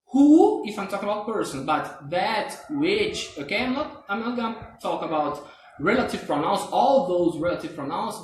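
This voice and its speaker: A man teaching English grammar in a live online class, patiently checking understanding again and again. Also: high voice. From Brazil. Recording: roomy, distant from the mic, faint hiss.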